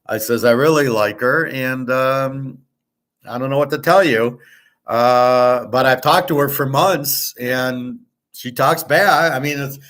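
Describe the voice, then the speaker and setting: A man from Michigan riffs on his own in a casual monologue. His voice sits at an ordinary middle pitch. He rambles bluntly and swears freely. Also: fairly bright tone. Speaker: host.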